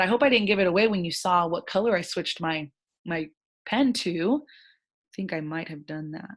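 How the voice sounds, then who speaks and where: A woman teaching a first grade phonics lesson, sounding out words slowly in a gentle, encouraging way. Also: on the low side, expressive. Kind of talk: recorded online phonics lesson.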